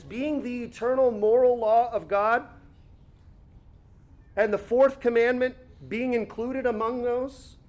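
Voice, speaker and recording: A man preaching a conversational sermon, teaching with rhetorical asides and quick self-corrections. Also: sits high. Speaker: pastor.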